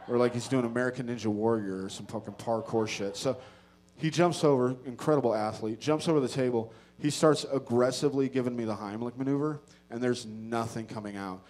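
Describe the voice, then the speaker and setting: A male stand-up comedian tells a long story in an animated, profane voice of ordinary pitch. He swings between shouted bursts and low muttered asides. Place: comedy stage before a live audience.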